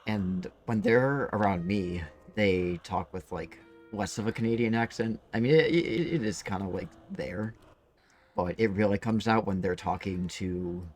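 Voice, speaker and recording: A man's voice: lowish voice, a little slow, a little mellow. A man with a Midwestern American accent, chatting casually during a game stream with lots of "like" and "uh.". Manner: rambling, lots of fillers like "like" and "uh". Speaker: streamer and co-host. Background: game music.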